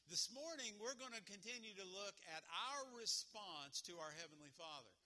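A man's voice: high-pitched, expressive, moderate pace, pushed and bright. A man preaching a sermon as pastor, playfully coaching his congregation.

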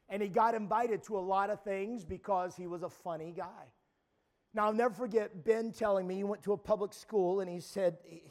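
A man preaching a sermon at a camp meeting, retelling a story with frequent stammering restarts and rising to shouts. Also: high-pitched. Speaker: pastor.

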